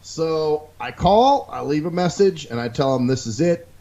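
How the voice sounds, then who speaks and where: Animated, ranting man, lo-fi sound. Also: on the high side, normal speed. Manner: animated storytelling, mimics people he quotes. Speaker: podcast host. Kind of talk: casual profane rant.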